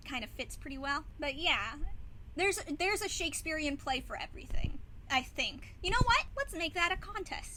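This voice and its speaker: Bright, high-voiced young woman ranting. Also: slight background noise, low-quality recording. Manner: blunt and sarcastic, with sighs and asides. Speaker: vlogger. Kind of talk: casual opinionated rant.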